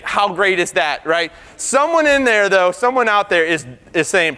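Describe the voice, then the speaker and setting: A computer science professor giving an animated debate speech, firing rhetorical questions at the crowd. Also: male voice, sits high, normal speed, hardly any pauses, smooth. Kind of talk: lively debate speech to an audience. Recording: reverberant hall.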